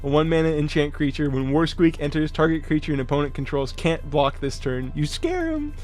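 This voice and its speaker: A fairly high-voiced man chats on a live stream, swearing freely and breaking into laughter between stretches of card text. Faint music plays under his voice. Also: fairly quick. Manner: profane, excitable, laughs often, reads card text and reacts to chat. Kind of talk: casual live-stream chat, reading card text aloud.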